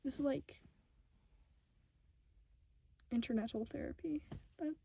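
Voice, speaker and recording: A fifteen-year-old girl ranting casually to camera at home, rambling and sidetracked, talking fast in bursts and often dropping to a whisper. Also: high-pitched, gravelly, dark tone, husky, no room sound. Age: 15, teenager. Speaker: vlogger. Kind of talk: casual unscripted rant to camera.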